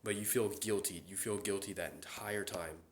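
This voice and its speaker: A young man with a low voice, speaking at a normal speed, hosts a casual solo podcast chat. He rambles, with lots of fillers and restarts, and the recording has a roomy echo.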